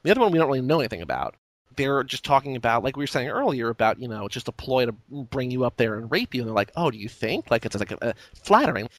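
A man's voice: mid-range voice, big pitch swings, fast. A man in casual film talk who circles his point with lots of "like" and restarts. The room is dry, with no echo. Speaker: podcast co-host.

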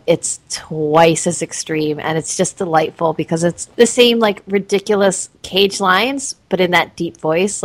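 Low-voiced woman, dry close sound. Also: no echo. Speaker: podcast co-host. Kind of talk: casual movie review chat.

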